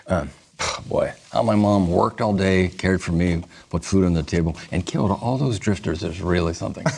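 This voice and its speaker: A man's voice: sits low, normal speed, creaky, darkish tone, slight background noise. A man appearing as a talk show guest, reading jokes aloud and laughing at his own delivery.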